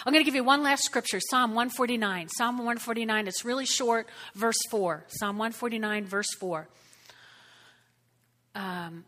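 Woman pastor, bright-voiced and exuberant, preaching and praying with a fairly high voice. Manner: exuberant, animated preaching with sudden exclamations. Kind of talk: sermon with prayer.

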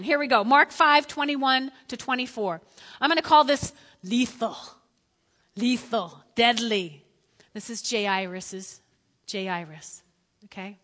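A woman preaching a lively sermon, telling Bible stories and acting out the quotes herself. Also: high-pitched, a little slow, in a large hall. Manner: animated storytelling, acting out quotes.

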